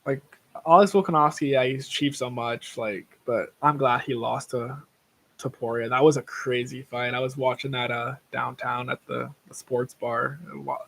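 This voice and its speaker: A man's voice: medium pitch, creaky, fairly bright tone, slight background noise. Rambling young man chatting on a livestream. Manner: rambling, swears freely, goes off on tangents. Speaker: livestream host. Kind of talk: casual livestream chat.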